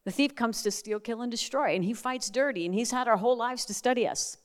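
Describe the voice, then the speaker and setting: A middle-aged woman preaching a sermon, telling family stories in a lively way and acting out the voices she quotes. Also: a little high, a little fast. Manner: animated storyteller, acts out quoted voices.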